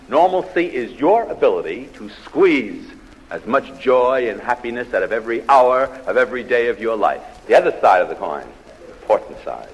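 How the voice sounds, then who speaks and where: A man from the United States giving a humorous psychology lecture on stage, telling anecdotes with dramatic pauses and punchy delivery. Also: on the low side, a little hiss or hum. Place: large theatre stage, live audience. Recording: old live theatre recording with hall reverb.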